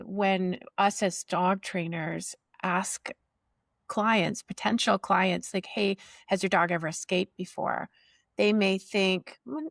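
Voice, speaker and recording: Woman host giving steady dog-training advice. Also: mid-range voice, no echo, studio quality. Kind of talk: podcast interview chat.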